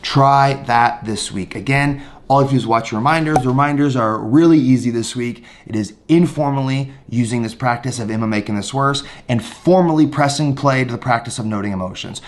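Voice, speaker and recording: A man teaching a mindfulness lesson in a calm, conversational, encouraging way, counting breaths slowly and softly. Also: mid-range voice, a little hiss or hum.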